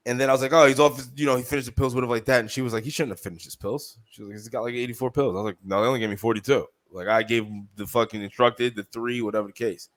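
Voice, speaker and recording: A man co-hosting a podcast, telling a story in casual chat, profane and heated, animated as he goes. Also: medium pitch, very fast, hardly any pauses. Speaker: podcast co-host.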